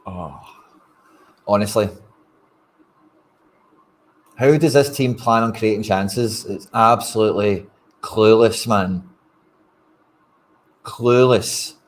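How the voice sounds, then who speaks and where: A man's voice: fairly low pitch, slow pace, long pauses. A Scottish man giving casual, frustrated live commentary on a football match to his stream viewers, talking bluntly and straight to the audience. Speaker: fan streamer hosting a watch-along.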